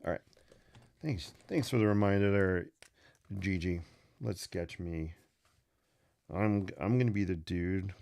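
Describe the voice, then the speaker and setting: A man's voice: low voice, a little slow, vocal fry, long pauses, a little mellow. A man hosting a live drawing stream, chatting casually and playfully with viewers and making puns as he sketches.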